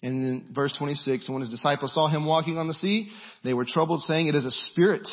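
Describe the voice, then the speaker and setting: A man's voice: fairly high pitch, fairly quick, lo-fi sound. A man preaching a sermon, reading scripture and asking the congregation rhetorical questions.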